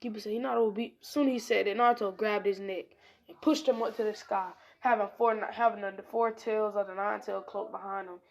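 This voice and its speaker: Slangy woman with a gravelly voice. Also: medium pitch, fairly even intonation, fairly quick. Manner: casual slangy rambling. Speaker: storyteller. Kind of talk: improvised fan story narration.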